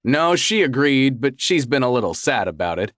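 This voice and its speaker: A man reading as an excited husband hoping to be a father again in an audiobook, speaking eagerly. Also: medium pitch, normal speed, no echo, clean studio sound.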